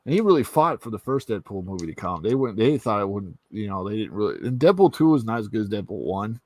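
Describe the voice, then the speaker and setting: A man hosting a casual live stream, talking in a rambling, animated way and swearing freely. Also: on the low side, fast. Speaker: stream host. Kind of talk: casual chat.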